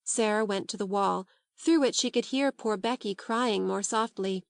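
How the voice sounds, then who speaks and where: A woman narrating a classic novel as an audiobook, in a calm, measured, unhurried way. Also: medium pitch, gravelly, dry recording, studio quality.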